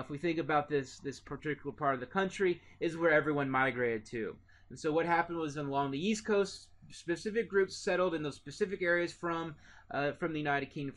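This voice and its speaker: Casual American man lecturing, fairly high voice. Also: a bit bright. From United States. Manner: casual, many fillers and restarts. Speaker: teacher. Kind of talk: recorded classroom lecture.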